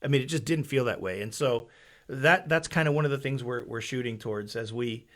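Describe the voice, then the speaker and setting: A man hosting a casual church live stream, chatty, with halting restarts and easy laughter. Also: mid-range voice, a bit bright. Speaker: church webcast host.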